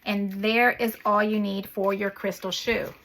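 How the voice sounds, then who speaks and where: A woman's voice: medium pitch, little pitch movement, measured pace, background noise. A woman hosting a paper craft video, chatting casually as she works and gushing over the little details.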